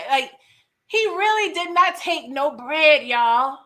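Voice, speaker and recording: Bright, high-voiced woman recapping casually. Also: takes it slowly. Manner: animated, laughing, talks back to the characters. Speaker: TV recap host. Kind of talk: casual live-stream episode recap.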